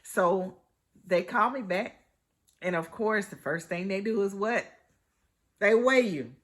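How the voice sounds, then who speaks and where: A woman's voice: mid-range voice, slow pace. A woman hosting a podcast, telling a personal story in a chatty, conversational way, with wry humor and lots of "you know". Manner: animated retelling with wry humor. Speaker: podcast host.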